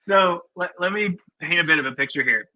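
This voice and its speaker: Upbeat male webinar host, slightly high voice, dull lo-fi call audio, dry sound. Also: fairly quick, dry recording. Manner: chatty, opinionated, lots of fillers. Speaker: webinar presenter. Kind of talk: casual webinar presentation.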